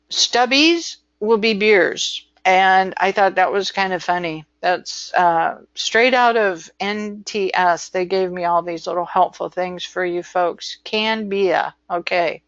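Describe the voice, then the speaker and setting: An American woman lectures in a relaxed, rambling way, peppering her talk with ums and "you know." Her pace is unhurried and deliberate. The recording is dry and a little muffled. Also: on the low side, dry recording. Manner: chatty, filler-heavy, slow and deliberate. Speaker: instructor.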